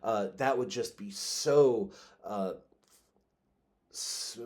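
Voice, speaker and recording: A man's voice: on the low side, takes it slowly, pauses often, a little mellow. A man giving a recorded history lecture in a conversational way, with frequent filler words and small self-corrections. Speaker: history teacher.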